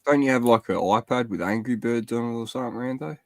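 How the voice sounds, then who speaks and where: A man's voice: mid-range voice, fast talker, slight background noise. A man on a livestream panel, laid-back and teasing, swearing a lot, with the hiccups. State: has the hiccups. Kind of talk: crude casual chat.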